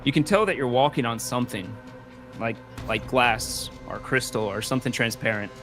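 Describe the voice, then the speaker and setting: A man narrating a tabletop game as game master, playful and quick with asides, over a video call with faint music behind. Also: medium pitch.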